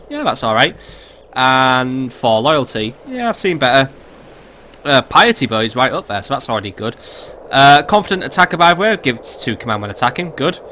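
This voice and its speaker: A man's voice: mid-range voice, pushed and bright, a little hiss or hum. A man giving casual, sardonic gameplay commentary as a let's play host, swearing freely and thinking aloud.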